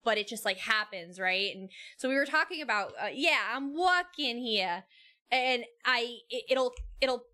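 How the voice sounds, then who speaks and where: A woman's voice: on the high side, moderate pace, hardly any pauses, sharp tone. A woman from New York with a Brooklyn accent, chatting casually as a stream co-host and restarting her sentences often. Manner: chatty, repeats herself and restarts. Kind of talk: casual chat.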